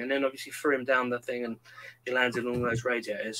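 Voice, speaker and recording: In a low-quality recording, a man in his thirties with a medium-pitched voice chats casually at a quick pace. He's an animated storyteller who acts out the quotes in his stories.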